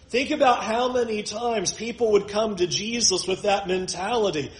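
High-voiced preaching man, roomy echo. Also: animated, fairly quick, few pauses, a little hiss or hum. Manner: emphatic, acts out quoted voices. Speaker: pastor. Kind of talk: sermon.

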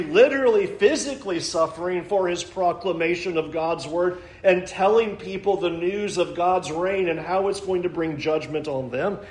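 A man with a fairly high voice preaches a sermon in an echoey church room. He is earnest, slowing down to read scripture and pressing hard on the key lines. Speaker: pastor.

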